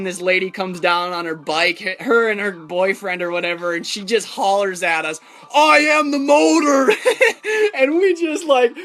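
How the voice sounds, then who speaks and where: A man's voice: high voice, bright, forceful tone. A man casually telling a story about his own travels, rambling with lots of fillers and chuckles.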